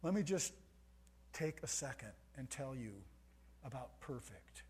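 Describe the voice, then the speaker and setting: A man preaching a sermon, stressing key words by swinging between soft and loud. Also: mid-range voice, animated, unhurried, pauses often, slightly rough.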